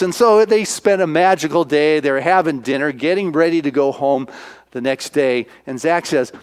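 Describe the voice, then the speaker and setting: A male minister preaching, retelling a film as an animated storyteller who acts out the voices. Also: fairly high pitch, normal speed, smooth.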